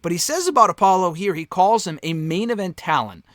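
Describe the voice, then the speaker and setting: A man's voice: high voice, lively intonation, brisk, a bit bright, dry recording, studio quality. A man giving a casual spoken review of a wrestling show, candid and offhand, swearing freely.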